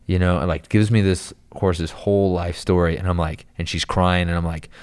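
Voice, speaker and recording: A man's voice: deep voice, fairly even intonation, moderate pace, hardly any pauses, a little mellow, clean tone. A young man on a podcast, telling a long story in a loose, rambling way, full of "like" and "dude.". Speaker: podcast guest. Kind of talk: casual storytelling chat.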